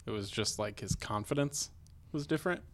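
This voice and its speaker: A young man co-hosting a podcast, joking in a laid-back, deadpan way. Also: fairly low pitch, a little fast, creaky, dry recording. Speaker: podcast co-host. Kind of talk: casual comedic chat.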